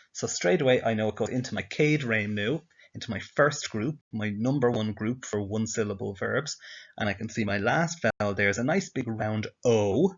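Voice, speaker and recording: A man's voice: on the low side, a bit bright, husky, dull audio. A man teaching a recorded slideshow lesson, patiently asking questions and answering them himself. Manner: patient, asks and answers his own questions.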